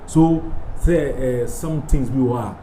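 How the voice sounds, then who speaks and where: A man breaks down a football match as a studio pundit, his voice sitting in a plain middle range. He switches between Twi and English as he walks through the stats and tactics. Steady background noise runs under the broadcast audio. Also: mid-range voice, slow. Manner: explanatory, citing stats, code-switching.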